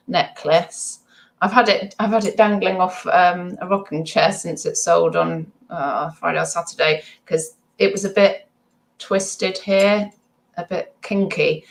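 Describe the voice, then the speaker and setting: Woman, low gravelly voice, rambling chatty vlog talk. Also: poor audio. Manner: chatty, rambling, giggly asides. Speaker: eBay reseller vlogger. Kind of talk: casual chat to viewers.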